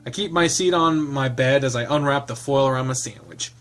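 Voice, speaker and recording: Male game streamer, narrates the visual novel aloud, halting commentary with frequent laughs. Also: medium pitch, a bit bright, faint music behind.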